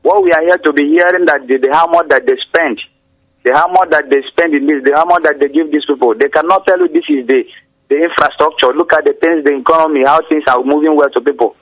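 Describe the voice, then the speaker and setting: Rambling caller on muffled radio. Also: male voice, on the high side, steady tone, quick pace, no room sound. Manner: earnest, rambling, repetitive.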